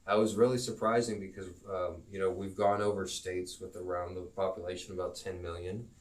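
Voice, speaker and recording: A man teaching geography on a live stream, rambling and halting as he goes. His voice sits on the low side. He sounds a little distant from the microphone. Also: little pitch movement. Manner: rambling, halting, self-promoting.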